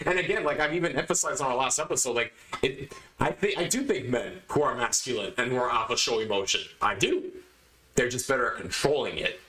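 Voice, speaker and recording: A man's voice: medium pitch, sharp tone, echoey room, poor audio. Emphatic man lecturing on a podcast. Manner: emphatic, lectures the listener directly, repeats points. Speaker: podcast host. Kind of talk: opinionated podcast monologue.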